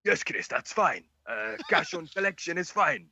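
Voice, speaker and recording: A man's voice: a little high, very animated, moderate pace, gravelly, sharp tone, husky, no room sound, lo-fi sound, pitched above the performer's own voice, full character voice. A man putting on a South Welsh accent to voice a casual male bike seller reading his replies. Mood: breezy. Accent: South Welsh, put on. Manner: casual clipped texting tone.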